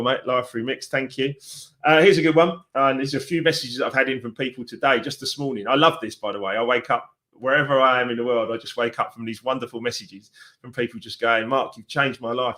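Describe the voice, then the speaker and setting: A man in his forties hosts a live motivational stream as a success coach. He talks in a chatty, encouraging way, warm in intent and loose in delivery, with lots of fillers. His pitch sits in an ordinary middle range for a man.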